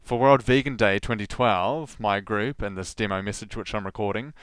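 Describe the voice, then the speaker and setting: Chatty New podcast host. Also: male voice, fairly low pitch, steady tone, normal speed, a bit bright, clear, resonant tone, no echo. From New Zealand. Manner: chatty, self-mocking, laughing often. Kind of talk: casual solo monologue.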